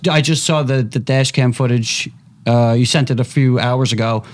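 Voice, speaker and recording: A man's voice: mid-range voice, steady tone, moderate pace. A man co-hosting a casual sports talk show, asking questions and following up on the story. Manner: inquisitive, asks follow-up questions. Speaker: podcast co-host.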